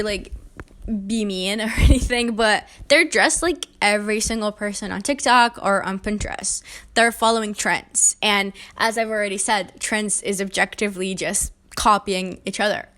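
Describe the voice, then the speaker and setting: Bright-voiced young woman vlogging. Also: medium pitch. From Arabic-speaking country. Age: young adult. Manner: chatty, frank, self-deprecating, with asides. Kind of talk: casual opinion vlog.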